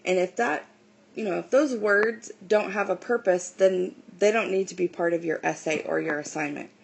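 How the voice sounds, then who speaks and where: A woman teacher explaining writing style in a recorded lesson, often pausing on "okay" and "um". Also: on the low side, gravelly, husky, low-quality recording.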